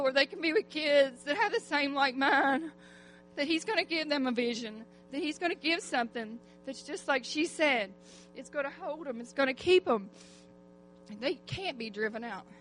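A high-voiced middle-aged woman speaks before a church congregation, giving her testimony. Her delivery is heartfelt and fervent, full of sighing "oh"s. Faint music sits quietly behind her. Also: normal speed.

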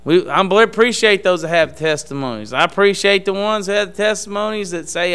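Man, church testimony, earnest, emphatic, resonant voice, slightly high. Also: normal speed, hardly any pauses, a bit bright, clean tone. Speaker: church speaker giving testimony. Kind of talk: sermon-style testimony.

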